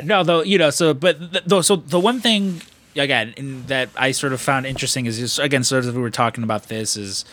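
A man's voice: mid-range voice, pushed and bright. An American man in his thirties from the Chicago area, chatting casually as a podcast host in a rambling, enthusiastic way. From Chicago area, USA. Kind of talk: casual chat.

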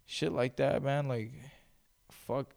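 A man's voice: mid-range voice, steady tone, slow pace, gravelly, darkish tone. A man hosting a solo podcast, talking in a loose, rambling way full of swearing. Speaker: podcast host. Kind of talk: casual solo podcast monologue.

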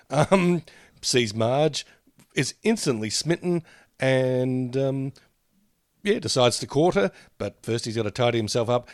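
A man's voice: medium pitch, no room sound. A man co-hosts a casual podcast chat, his mid-range voice rising and falling a great deal as he laughs through rambling anecdotes. The sound is dry and close, with no room around it. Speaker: podcast co-host.

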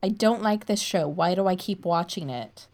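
A woman's voice: fairly low pitch, moderate pace, darkish tone. A woman co-hosting a podcast in casual chat, playful and swearing offhandedly. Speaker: podcast co-host.

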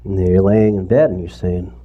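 A man's voice: sits low, steady tone, normal speed, narrow, tinny audio. A man preaching in a church, talking conversationally to the congregation and rising to impassioned pleading. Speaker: pastor. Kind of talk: sermon. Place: church sanctuary, streamed service.

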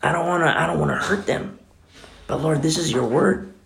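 A middle-aged pastor preaches a sermon, his voice swinging from loud exclamations down to hushed, almost whispered prayers. He speaks at a normal speed with a fairly high, creaky voice.

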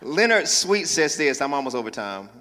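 High-voiced preaching man in a reverberant church. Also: moderate pace. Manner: lively preaching, joking asides, rising to emphatic calls. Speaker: pastor. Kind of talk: sermon. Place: church sanctuary. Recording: long reverb in large church.

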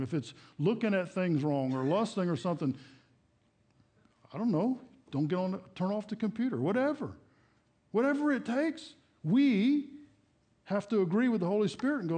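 A man's voice: high voice, expressive, normal speed, darkish tone. A middle-aged male pastor preaching a sermon in a church, talking in a casual, folksy way and acting out prayers and quotes. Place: church sanctuary.

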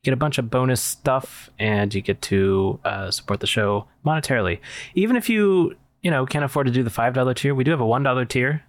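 Male podcast host, mid pitch, dry close sound, relaxed and halting. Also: no room sound. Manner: relaxed, hesitant, lots of ums. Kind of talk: casual chat.

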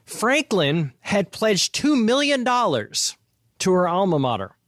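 A man's voice: high voice, very animated, measured pace, fairly bright tone, no room sound, studio quality. A man hosting a finance podcast, chatting casually and laughing often as he retells stories. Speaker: podcast host.

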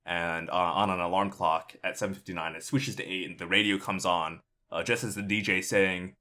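A man casually narrating a comic movie pitch, rambling with lots of fillers. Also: steady tone, brisk, sharp tone. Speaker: podcast co-host pitching a movie. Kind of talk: casual comedic storytelling.

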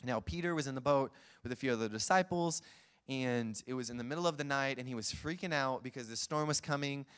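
A man preaching a sermon, retelling scenes in a lively, chuckling way. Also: mid-range voice, fairly quick, clean tone. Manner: lively storytelling, acts out scenes, chuckles often.

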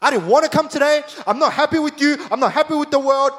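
A man's voice: extremely high pitch, fairly even intonation, quick pace, fairly bright tone, long reverb tail, pitched above the performer's own voice. A man voicing a weary churchgoer who vents bluntly and honestly to God. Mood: weary venting. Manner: frustrated, blunt venting.

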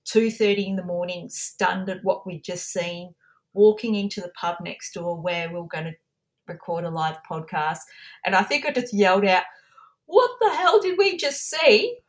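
A woman podcaster chatting casually, recounting memories in a relaxed, reflective way. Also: lowish voice, normal speed. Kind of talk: casual chat.

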